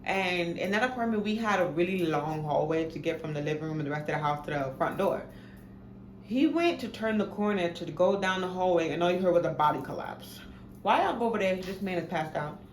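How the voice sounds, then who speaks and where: Young New woman vlogger, low voice, dramatic storytelling, roomy echo with faint noise. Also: a little fast. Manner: animated, profane, dramatic retelling. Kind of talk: casual storytime. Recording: echoey room, faint background noise.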